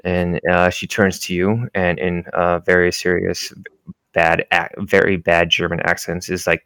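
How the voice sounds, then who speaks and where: A man narrating a tabletop game as game master, describing scenes in an unhurried way with many fillers. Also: low voice, little pitch movement, bright, forceful tone, clean tone, dry recording. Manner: unhurried, descriptive, full of fillers like "you know".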